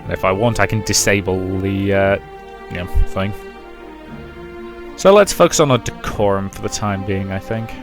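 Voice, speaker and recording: A man's voice: sits low, moderate pace, over music. A man from Durham, England, chatting while playing a game. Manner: chatty, rambling, self-deprecating asides. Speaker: let's play host. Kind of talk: game commentary and reading aloud.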